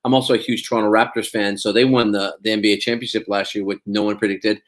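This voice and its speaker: A man's voice: on the low side, little pitch movement, quick pace. A man, an actor being interviewed, talking casually and rambling with many restarts.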